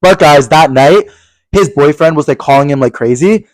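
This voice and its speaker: A young man co-hosting a podcast, telling a story in casual chat, animated and swearing a lot as he acts out angry quotes. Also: a little high, moderate pace, dry recording, rough recording. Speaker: podcast co-host.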